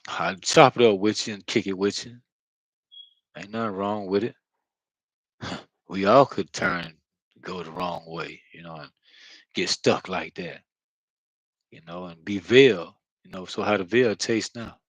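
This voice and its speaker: A man with a low voice talks through a rambling spiritual monologue, full of fillers and long sighs. He is earnest and blunt, swearing now and then. The sound is dry and close. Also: no echo, low-quality recording. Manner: halting, with many fillers and heavy sighs. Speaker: spiritual vlogger.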